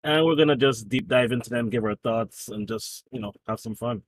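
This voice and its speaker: A man's voice: medium pitch, fairly quick, slight background noise. A man co-hosting a casual podcast, opening the show and chatting loosely with his co-host. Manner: relaxed, affirming with frequent short replies.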